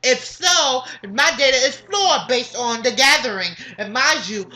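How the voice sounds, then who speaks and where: Woman, high voice, bright and sharp, sassy profane rant, emphatic, vlog to camera. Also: animated, measured pace. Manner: sassy, swearing, emphatic, repeats "understand?". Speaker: vlogger.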